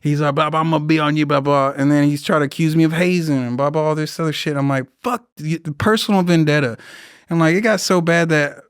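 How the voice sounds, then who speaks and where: A man in his thirties tells rambling war stories as a podcast guest, swearing freely and acting out the people he quotes. His voice sits fairly high and comes through smooth and clear. It is recorded close and dry, with no room around it. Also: steady tone, fast talker, no room sound. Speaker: podcast guest, Marine veteran. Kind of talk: casual storytelling interview.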